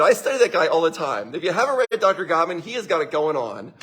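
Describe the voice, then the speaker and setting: A man giving relationship advice in a live talk, chatty and animated, laughing often and speaking straight to his listeners. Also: fairly high pitch, fast, few pauses, slight background noise.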